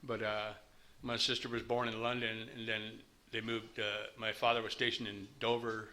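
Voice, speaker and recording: A man's voice: lowish voice, little pitch movement, moderate pace, pushed and bright. Candid man telling his story. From United States. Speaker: speaker at a recovery meeting. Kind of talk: personal recovery testimony.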